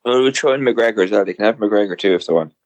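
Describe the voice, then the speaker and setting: A man's voice: on the low side, fast talker, a little mellow, no room sound. A man co-hosting a podcast, chiming in with short laughing remarks in casual chat. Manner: brief laughing interjections. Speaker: podcast co-host.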